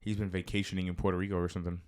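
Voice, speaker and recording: A man's voice: sits low, little pitch movement, very fast. A man co-hosting a live stream in casual chat, teasing his co-host and swearing freely. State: feeling hot.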